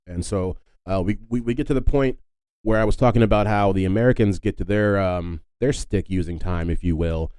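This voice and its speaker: Deep-voiced, rambling podcast host man. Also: fairly quick, a little mellow, clear, resonant tone, no room sound, low-quality recording. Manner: rambling and filler-heavy, often adds "if you will"; wry, joking asides. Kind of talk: casual solo podcast talk.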